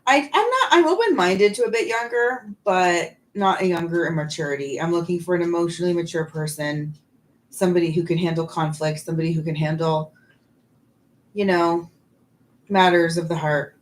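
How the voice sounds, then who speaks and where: A woman in her forties hosts a live stream, chatting openly and answering viewers' questions while she snacks on candy. Her voice sits on the low side and moves at a normal speed.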